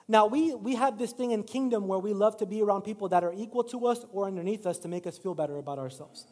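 A man's voice: high voice, fast talker, darkish tone. A middle-aged male pastor preaching a sermon in a church, mixing casual, self-deprecating stories with rising emphatic exhortation. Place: church sanctuary. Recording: long hall reverb.

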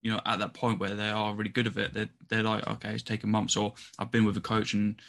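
A man's voice: on the low side, monotone, quick pace, creaky, a bit bright. A man hosting a casual podcast interview, asking questions in a chatty way with plenty of fillers. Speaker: podcast host.

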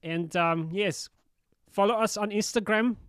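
A man's voice: high-pitched, animated, a little slow, gravelly, no echo, clean studio sound, exaggerated voice. A man putting on a playful German accent to read a podcast outro, like a mock announcer.

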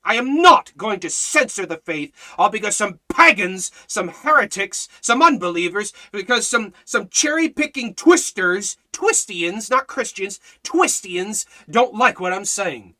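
A man preaching a fiery sermon, hammering rhetorical questions and swinging between loud exhortation and low, intense emphasis. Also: expressive, measured pace, few pauses.

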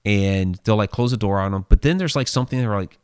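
A man's voice: fairly low pitch, fast talker, darkish tone, smooth, no echo, clean studio sound. A man hosting a show and telling a story in loose, casual chat, full of fillers and restarts. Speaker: host reading viewer questions.

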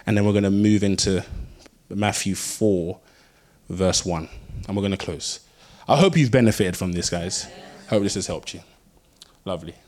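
A young man delivers a sermon with lively storytelling. His voice swings from loud bursts to quiet, hushed lines as he drives his points home. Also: lowish voice. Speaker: pastor.

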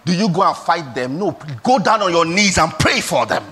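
A man with a Nigerian accent preaching a sermon as a pastor, moving between soft pleading questions and loud exhortation. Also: on the high side, expressive, normal speed, few pauses, husky.

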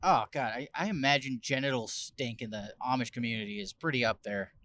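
A man's voice: mid-range voice, fairly quick, a bit bright. Young man, podcast co-host, casual chat, crude, profane, mocking jokes. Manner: crude, profane, joking insults.

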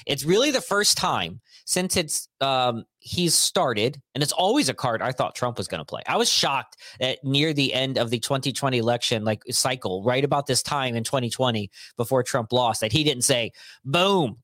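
A man's voice: mid-range voice, expressive, a bit bright, no echo. Dry-sounding man co-hosting a chat show. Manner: rambling, conversational, quick asides. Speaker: podcast co-host. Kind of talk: casual chat.

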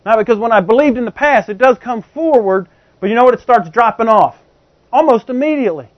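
A man's voice: very high-pitched, expressive, a little fast, no echo. A man preaching a teaching sermon in a conversational way, explaining with everyday examples and often checking that his congregation is following. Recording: slightly dull, muffled recording.

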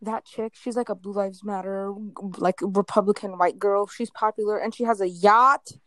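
A woman's voice: medium pitch, steady tone, moderate pace, fairly bright tone, dry recording. Blunt, ranting woman. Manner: blunt, exaggerated rants. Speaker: podcast co-host. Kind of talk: casual chat.

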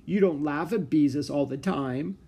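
A man reading aloud and voicing Ramona, an angry, defiant little schoolgirl who shouts and stamps her foot. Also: on the high side, moderate pace, gravelly, breathy edge, voice pushed up. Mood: hurt.

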